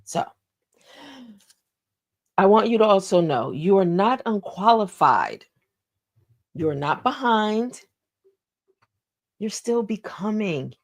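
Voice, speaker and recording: A woman's voice: medium pitch, expressive, slow pace, pauses often. A woman hosting a motivational talk. She is encouraging, repeats key phrases and asks listeners questions. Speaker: host.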